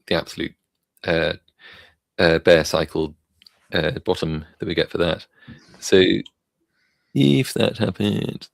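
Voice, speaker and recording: Low gravelly man rambling over charts. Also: dry recording. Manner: rambling, halting, many fillers and restarts; thinks aloud while clicking through charts. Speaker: crypto chart analyst. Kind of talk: casual screen-share chart commentary.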